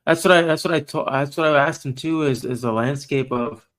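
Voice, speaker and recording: A man who hosts a small podcast, chatting casually and telling an excited story with many false starts. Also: medium pitch, a little fast.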